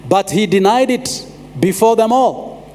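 A man preaching a sermon as pastor, pausing and repeating phrases for emphasis. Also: sits high, expressive, a little mellow. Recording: long hall reverb.

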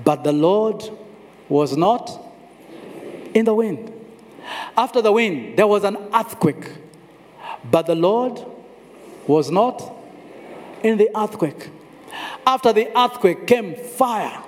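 A man's voice: high voice, expressive, slow, long pauses, darkish tone, slight background noise. A man preaching a sermon, telling the story dramatically, acting out the voices and repeating phrases for emphasis. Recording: long hall reverb.

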